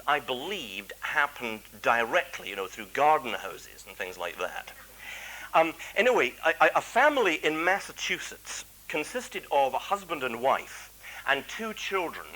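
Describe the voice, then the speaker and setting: Lively clergyman telling a story. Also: on the high side, poor audio. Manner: chatty, self-deprecating, many asides. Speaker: clergyman lecturer. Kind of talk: anecdotal public lecture.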